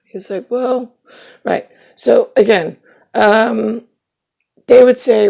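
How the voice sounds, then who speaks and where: A woman's voice: medium pitch, slow pace, creaky, pauses often, warm tone, breathy edge. A woman telling a rambling personal story in a wry way, acting out what her relatives said to her. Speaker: vlogger.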